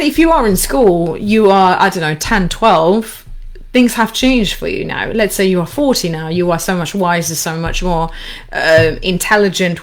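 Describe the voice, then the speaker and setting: A woman coaching listeners through a guided forgiveness exercise, speaking calmly with slow, repeated instructions. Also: fairly low pitch. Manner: calm, slow, repetitive instructions. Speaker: anxiety coach.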